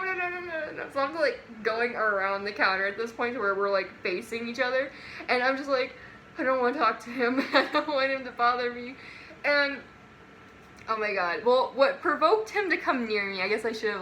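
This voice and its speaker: A young woman vlogger telling a work story in a casual, animated way, often breaking into giggles. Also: fairly high pitch, slight background noise.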